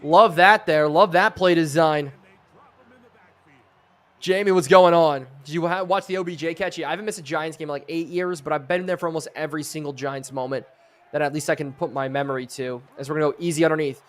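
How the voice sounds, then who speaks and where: A man's voice: on the high side, steady tone, quick pace. A man live-streaming a football video game, calling plays in a sportscaster style and chatting with viewers. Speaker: streamer and host.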